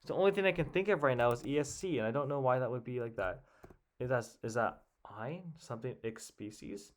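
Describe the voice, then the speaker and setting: Alone with a crossword, a young man with a mid-range voice talks a little fast. He is the puzzle solver, giving casual solo commentary as he thinks aloud and mutters guesses and half-words to himself.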